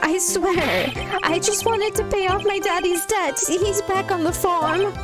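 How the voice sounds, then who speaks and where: A woman's voice: very high-pitched, a little slow, music in the background, voice pushed up. A woman voicing a timid young southern farm-boy man in a put-on Southern accent, pleading and stammering.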